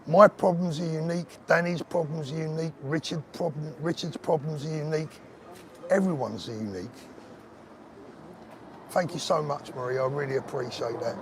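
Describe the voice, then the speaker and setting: An older Englishman with a slightly high voice hosts a live stream outdoors on a town street, reading viewer comments at a moderate pace. He chats with them earnestly and emotionally, calling them "mate," with a little background noise audible.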